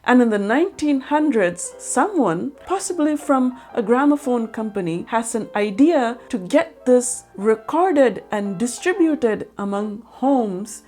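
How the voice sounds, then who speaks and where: A woman narrating a scripted music lesson, explaining clearly and slowly and speaking rhythm patterns aloud as demonstrations. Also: on the high side, lively intonation, darkish tone.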